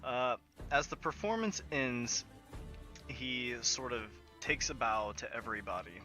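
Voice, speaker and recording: Bright-voiced man running a tabletop game. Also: mid-range voice, animated, unhurried, faint music behind. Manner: playful storytelling with frequent fillers. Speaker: game master.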